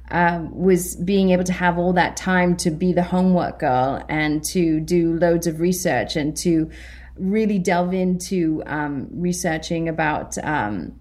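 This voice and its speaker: A British woman, an actress, chatting in an interview, animated and laughing often as she acts out her own reactions. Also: on the low side. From Britain. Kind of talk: casual interview chat.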